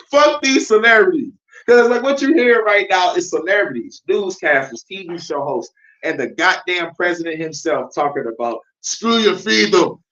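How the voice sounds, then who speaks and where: A man's voice: high voice, expressive, normal speed, a bit bright. A man hosting his own vlog, ranting in heated, profane commentary and laughing often. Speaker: vlog host. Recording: dull lo-fi sound.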